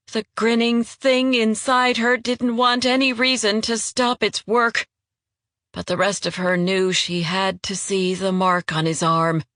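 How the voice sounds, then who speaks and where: A woman's mid-range voice carries this scripted audiobook narration, steady and measured in its storytelling. It's recorded in clean studio sound without any echo.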